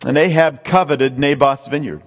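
A man's voice: fairly high pitch, moderate pace. A man preaching a sermon, emphatic, repeating key points and speaking straight to the congregation. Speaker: pastor. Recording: long hall reverb.

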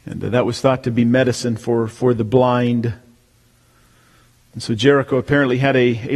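A man preaching a sermon as pastor, emphatic, swelling to near-shouts on key words. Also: medium pitch, long reverb tail.

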